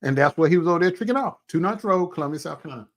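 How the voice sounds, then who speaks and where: Male host, fiery profane rant, lively pitch. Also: rapid-fire. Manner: animated, profane, mocking imitations. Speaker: commentary show host. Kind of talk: heated commentary rant.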